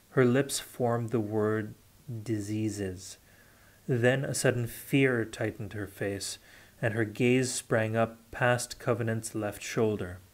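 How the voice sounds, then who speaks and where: A man reading a fantasy novel aloud unrehearsed, steady with occasional self-corrections. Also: mid-range voice. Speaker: audiobook reader. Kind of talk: unrehearsed audiobook narration.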